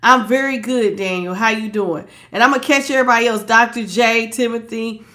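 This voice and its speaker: An adult woman, no longer young, hosts a tarot livestream in casual, playful chat, laughing often and greeting viewers by name. She calls them "baby" and "child." Her fairly high voice is brisk, bright, and forceful, with fairly even intonation.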